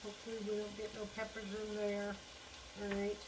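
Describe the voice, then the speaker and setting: Woman, casual cooking vlog, blunt and chatty, swears freely, mid-pitched, set back from the mic, noisy background. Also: completely flat delivery, brisk. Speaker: home cooking vlogger. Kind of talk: casual kitchen chat. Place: home kitchen. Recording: distant mic with audible noise.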